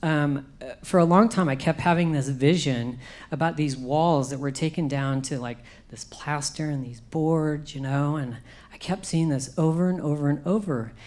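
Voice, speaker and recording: Middle-aged woman w a low voice, telling her faith story, gets emotional, acts out the moments. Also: normal speed, a little mellow. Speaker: conference speaker. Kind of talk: personal testimony.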